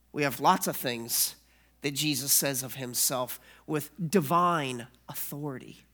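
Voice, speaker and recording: A preacher delivers a sermon at an unhurried, measured pace, with a voice of middling pitch. The preacher keeps asking the listeners rhetorical questions. Quoted scripture gets read aloud with building emphasis. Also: a bit bright.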